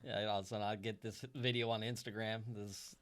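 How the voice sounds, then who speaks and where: A man's voice: fairly low pitch, level tone, brisk, fairly bright tone. A man hosting a casual podcast interview, giving short encouraging replies and laughing easily. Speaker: podcast host.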